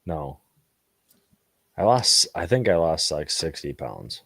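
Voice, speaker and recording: Male guest, very low voice, easygoing short replies, dry close audio. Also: very animated, slow pace, fairly bright tone, breathy edge, no echo. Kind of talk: casual chat.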